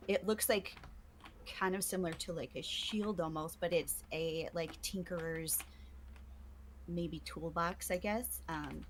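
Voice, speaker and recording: A woman's voice: fairly low pitch, measured pace, slight background noise. A woman player describing her tabletop character in casual chat, hesitant and trailing off.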